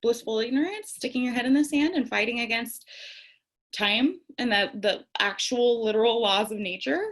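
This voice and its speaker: A young woman talks at normal speed in a slightly high voice, reflecting candidly on tarot and self-care while facing the camera. She keeps it conversational and every so often laughs at herself.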